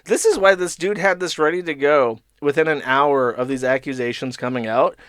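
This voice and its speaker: A man's voice: fairly high pitch, normal speed, a bit bright, smooth, no room sound, clean studio sound. A man hosting a live stream, reading out messages and cutting in with crude, sarcastic asides. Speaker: streamer host.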